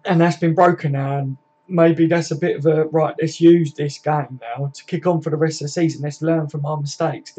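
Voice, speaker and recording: A man's voice: a little high, dark tone, slightly rough. A young man hosting a casual live stream, chatting and reading out viewer comments, with lots of tag questions and "mate". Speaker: fan channel host.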